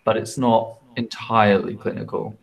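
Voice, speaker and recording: Guy with a kinda mixed british accent, lowish voice, rambly and laughy on a group call. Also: little pitch movement, normal speed, gravelly. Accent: mixed British English. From England. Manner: rambling, self-deprecating, laughs often. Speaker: guest. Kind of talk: casual video call chat.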